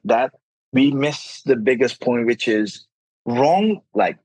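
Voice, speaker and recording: A man's voice: mid-range voice, expressive, slow pace, a little mellow, no echo, poor audio. A man appearing as a guest in a podcast interview, speaking earnestly and emphatically. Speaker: game studio CEO, podcast guest.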